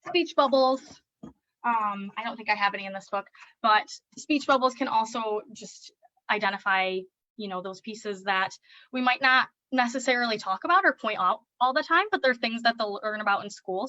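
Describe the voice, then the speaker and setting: A young woman speech therapist with a fairly high voice explains early literacy to parents in a chatty, unscripted way, full of "um"s. Her demonstrations of reading to a child turn bright and playful. The recording is dry and a little muffled. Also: moderate pace, no echo. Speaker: speech-language pathologist.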